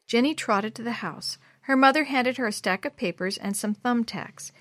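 Woman narrator for a kids' storybook, gentle and expressive, dry close sound. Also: on the high side, moderate pace, hardly any pauses, dry recording. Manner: gentle, expressive read-aloud. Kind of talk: storybook reading.

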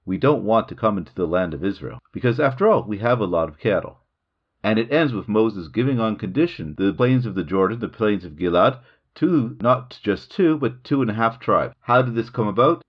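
A middle-aged man hosting a podcast, explaining a Bible chapter in a lively storytelling manner. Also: lowish voice, slightly rough, lo-fi sound. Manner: lively explanatory storytelling, reads Hebrew aloud. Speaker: podcast host. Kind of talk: Bible study podcast lecture. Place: home recording room in the hills.

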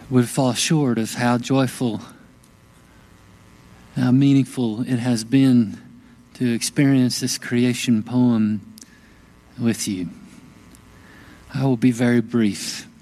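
A man preaching a sermon as pastor, slow, gentle and reflective, with long pauses. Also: mid-range voice, fairly even intonation, rough recording.

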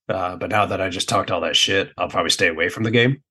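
A man with a very low, husky voice co-hosting a sports betting podcast. He talks laid-back and matter-of-fact, with casual swearing. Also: quick pace, pushed and bright. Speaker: podcast co-host.

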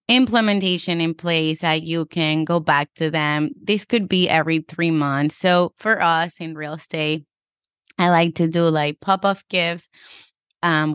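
A woman's voice: on the low side, a bit bright, clean tone, no room sound, clean studio sound. A woman hosting a podcast, a real estate agent giving casual advice in a chatty way, full of "like" and "you know".

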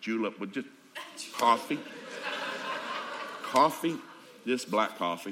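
A middle-aged man preaching a sermon in a folksy, animated, joking storytelling manner. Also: medium pitch, slow pace, long pauses, noisy background.

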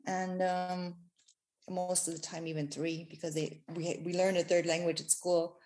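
A woman from Germany with a slight German accent, a guest in a casual interview. She talks in a relaxed, hesitant way with fillers. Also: on the low side, moderate pace.

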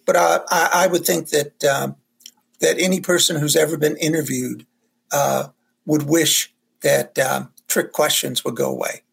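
Gravelly, husky man panel guest. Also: a little high, fairly even intonation, measured pace, fairly bright tone. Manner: hesitant, with fillers. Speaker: guest career expert. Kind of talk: casual panel discussion.

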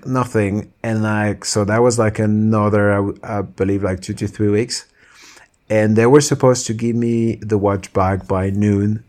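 A man's voice: medium pitch, a little mellow. French-accented man telling a story. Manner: storytelling with many fillers and restarts. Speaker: podcast co-host. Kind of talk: casual chat.

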